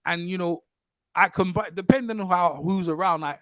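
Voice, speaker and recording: A man with a London accent hosting a relaxed, chatty live stream and using street slang. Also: sits high, normal speed, dry recording, clean studio sound. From England. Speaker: host. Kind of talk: casual live-stream chat.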